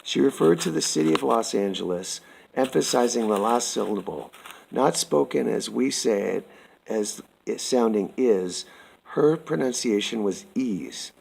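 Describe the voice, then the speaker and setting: Gravelly-voiced man reading a formal statement. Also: mid-range voice, lively intonation, a little mellow, poor audio. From Canada. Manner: slow, formal and earnest, addressing the listener as sir. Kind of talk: reading a prepared statement aloud.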